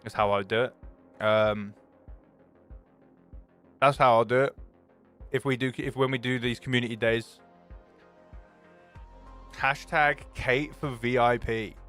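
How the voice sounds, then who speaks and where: A young man, live streaming and chatting casually with viewers, greeting them by name and telling excitable stories. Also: mid-range voice, a little slow, long pauses, faint music behind.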